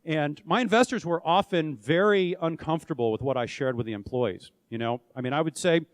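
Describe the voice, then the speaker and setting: A man's voice: on the high side, a little fast, few pauses. A middle-aged man, a company founder and CEO, giving a candid, conversational conference talk with frequent restarts. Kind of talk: conference presentation. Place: conference room or hall. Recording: long reverb of a hall.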